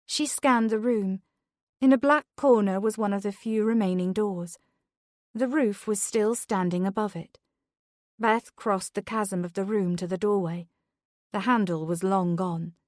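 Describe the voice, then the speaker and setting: Woman, audiobook narrator, thriller, slow measured delivery, dry close sound. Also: medium pitch, fairly even intonation, no room sound.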